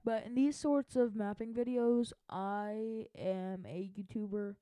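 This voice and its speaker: Her voice smooth, steady, slow and dark in tone at a medium pitch, a woman sits at home chatting over a mapping video, wandering off track and fixing her own mistakes as she goes.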